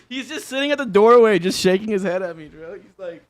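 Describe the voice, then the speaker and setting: Talking fast with hardly any pauses, a young man with a high, lively voice chats with his livestream audience from home. He's a guitarist who is relaxed, laughs often, and swears freely.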